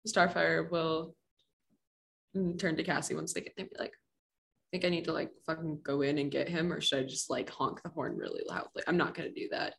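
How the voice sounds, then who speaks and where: A woman's voice: low-pitched, fairly even intonation, brisk, creaky, fairly bright tone. A woman playing a tabletop role-playing game, casual and joking, swearing now and then. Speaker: player.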